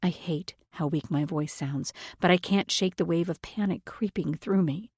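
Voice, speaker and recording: A woman narrates an audiobook in the first person with an even, measured delivery. Her voice sits low, and the recording is dry and close, with no room in it. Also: husky, no echo.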